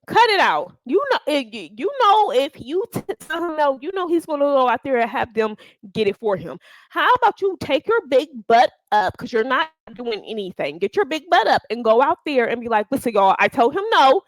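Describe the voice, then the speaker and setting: Brief: female reaction host, fast to scold and swear, animated and high-pitched. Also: no echo, low-quality recording. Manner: blunt, profane, scolding. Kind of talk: casual reaction commentary.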